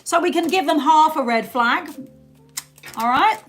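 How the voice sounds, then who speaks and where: A woman's voice: sits high, animated, unhurried, faint music behind. A British woman hosting a casual live stream, chatting and laughing with her viewers and thanking them by name. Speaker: livestream host.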